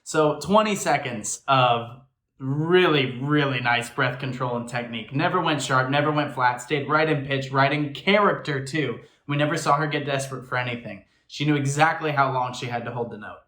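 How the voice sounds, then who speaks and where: A man's voice: mid-range voice, normal speed, sharp tone. A man hosting a reaction video, giving enthusiastic, analytical commentary on singing technique. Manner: analytical, breaks down and imitates singing. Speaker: reaction video host, actor and filmmaker. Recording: echoey room.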